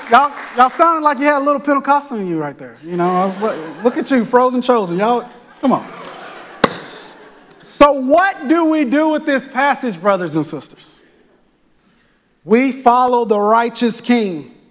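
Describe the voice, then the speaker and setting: A man's voice: extremely high pitch, big pitch swings, measured pace, pauses often, fairly bright tone, some chatter behind. A male pastor preaching a sermon in a church sanctuary, with rhythmic, repetitive phrasing and call-and-response. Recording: echoey church hall.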